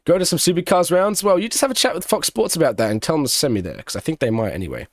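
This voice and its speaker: Young male streamer, casual race commentary, slightly high voice, dry close sound. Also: big pitch swings, very fast, hardly any pauses, dry recording. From Australia. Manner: chatty, banters with chat between race calls. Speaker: streamer doing live watch-along commentary.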